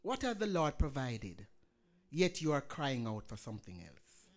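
A woman's voice: rumbling low, very animated, unhurried, darkish tone. Woman, preacher, sermon, fervent, rising emphasis, scripture quotes.

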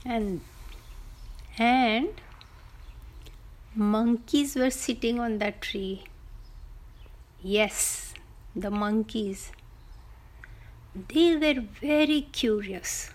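A woman telling a children's fable aloud in an expressive, animated way, with dramatic pauses and little asides. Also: on the high side. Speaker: storyteller. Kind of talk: storytelling for children.

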